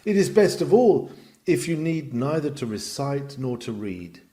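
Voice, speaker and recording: A man reading aloud a Victorian lecture on preaching, with expressive emphasis that swells and drops. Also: mid-range voice, a little slow. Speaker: reader.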